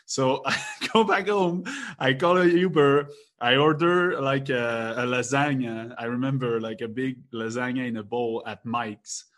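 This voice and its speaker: A man's voice: medium pitch, a little slow, a bit bright. Chatty young man. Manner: rambling, laughs often, many restarts. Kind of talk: casual chat.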